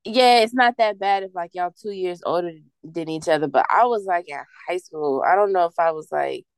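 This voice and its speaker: A woman's voice: on the low side, normal speed, smooth, dry recording. Young woman rambling through a story. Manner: rambling storytelling with many likes. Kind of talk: casual podcast chat.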